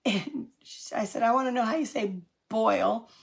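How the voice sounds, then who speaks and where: A middle-aged woman from California chats her way through a live craft demonstration, laughing often and replying to viewer comments while she works. Her voice is fairly high and gravelly, delivered at a normal speed.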